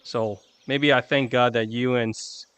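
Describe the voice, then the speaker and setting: His medium-pitched voice stays steady and unhurried, a bit bright and clean, on a dry recording. He's streaming a video game and rambling to his audience through a desk microphone in casual, self-deprecating chat.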